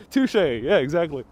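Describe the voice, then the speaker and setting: Man, live street walk, chatty, jokey, slightly higher voice, faint traffic behind, clip-on mic. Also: a little mellow. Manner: playful, jokey, reads out chat comments. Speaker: livestream walking tour host. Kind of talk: live street walking vlog, chatting with viewers. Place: outdoors on city streets, then inside a small discount store. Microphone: wireless clip-on mic, phone on gimbal.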